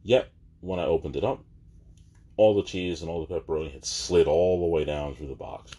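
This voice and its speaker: Man with a super deep, dark husky voice, ranting all fed up about a story. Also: a little fast. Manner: exasperated, ranting. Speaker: vlogger. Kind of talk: casual storytelling.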